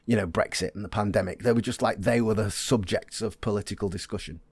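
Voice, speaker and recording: A man's voice: fairly low pitch, steady tone, fast, husky, dry recording. A man co-hosting a chat podcast, explaining from his research in a wry, casual way. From Britain. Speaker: podcast co-host.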